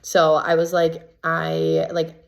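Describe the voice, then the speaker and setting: A woman casually recapping events as a reality show contestant, chatty and full of "like" fillers, lively when she quotes others. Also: low voice, slow pace, creaky. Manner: chatty, filler-heavy with constant "like"; gossipy and animated when quoting others.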